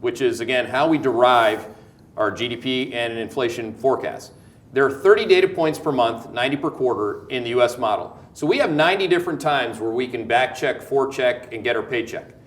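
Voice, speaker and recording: A man's voice: mid-range voice, fairly quick. Emphatic Canadian man in an echoey room. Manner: animated, emphatic, jokey, repeats words. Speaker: host. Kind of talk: market commentary on a live show.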